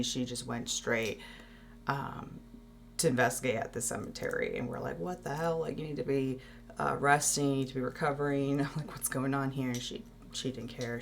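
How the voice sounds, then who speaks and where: A woman hosting a tribute, her voice gravelly and rough at the edges. She talks haltingly, restarting her sentences and fighting back tears. Faint noise sits under the recording. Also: rumbling low. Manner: halting, many fillers and restarts. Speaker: show host. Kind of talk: emotional tribute talk.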